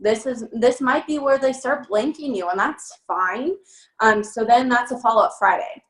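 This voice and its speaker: Recorded by phone in an echoey room, this young woman leads a laid-back sales training session for network marketing, cheerful and full of fillers. Her voice is a little high and fairly bright, at a normal speed.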